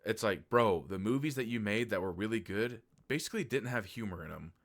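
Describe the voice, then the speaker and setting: A man's voice: on the low side, expressive, fairly quick. A man giving a casual, rambling movie review, candid and loose, with lots of filler words and the odd swear.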